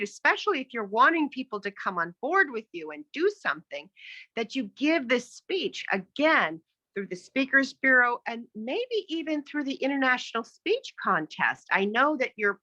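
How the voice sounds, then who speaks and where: Bright-voiced woman giving candid feedback. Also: on the high side, dry recording, dull audio. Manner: friendly, candid, hesitant with fillers. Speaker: speech evaluator. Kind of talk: meeting speech feedback on a video call. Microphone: video call.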